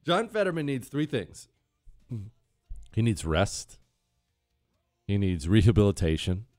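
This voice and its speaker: A man's voice: on the low side, sing-song, a little slow, darkish tone, no echo, studio quality, soft background music. A man hosting a talk radio show, brash and sarcastic in his opinions and reading ads in the same brash way. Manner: brash, sarcastic, mocking impressions.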